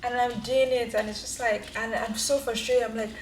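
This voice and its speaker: A woman's voice: a little high, level tone, normal speed, slight background noise. A young woman vlogging casually in her apartment, candid and self-reflective, often laughing as she talks into her camera. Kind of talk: casual vlog talk. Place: apartment, indoors. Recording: roomy indoor echo.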